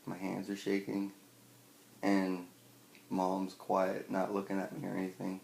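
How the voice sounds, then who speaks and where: Young guy telling a story, low gravelly voice, swears a lot, echoey room with faint hiss. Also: completely flat delivery, measured pace. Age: 20s. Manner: swearing, wry, acts out scenes loudly. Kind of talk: personal storytelling, stand-up style.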